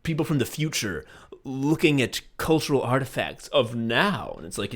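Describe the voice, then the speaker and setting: A man's voice: mid-range voice, big pitch swings, moderate pace. A man co-hosting a casual comedy podcast, ranting and swearing with mock voices, laughing often as he talks. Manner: laughs often while talking. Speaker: podcast co-host.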